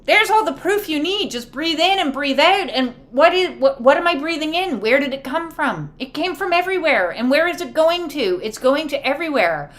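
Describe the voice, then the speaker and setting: Woman, high-pitched, live tarot reading, casual, emphatic, salty language. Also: animated, moderate pace, few pauses, a bit bright. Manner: casual, emphatic, swears freely; acts out quoted voices. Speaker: oracle and tarot card reader. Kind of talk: live spiritual card reading, answering viewers.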